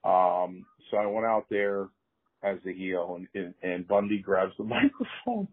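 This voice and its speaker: Husky low-voiced man, animated storyteller. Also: measured pace. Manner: animated, repeats himself, acts out quotes. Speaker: former pro wrestler. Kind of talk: storytelling in an interview. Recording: tinny phone-line sound.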